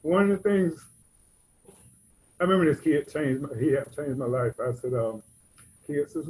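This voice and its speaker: A man's voice: on the high side, moderate pace, long pauses, darkish tone, rough recording. A man giving a rambling, conversational personal testimony at a recovery convention. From Georgia. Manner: rambling, conversational, frequent "you know what I'm saying". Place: convention hall stage.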